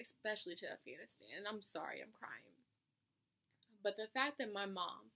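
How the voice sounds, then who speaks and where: Earnest young woman giving an emotional speech. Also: medium pitch. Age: young adult. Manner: emotional, earnest, with many restarts and soft trailing words. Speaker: student giving an award speech. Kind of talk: heartfelt personal speech.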